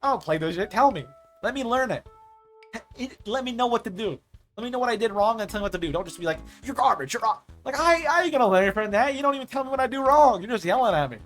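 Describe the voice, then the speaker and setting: A man's voice: very high voice, animated, fast talker, soft background music. A young man streaming a game, chatting casually and rambling, often saying "like" and ranting when annoyed. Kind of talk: casual live-stream chat while gaming.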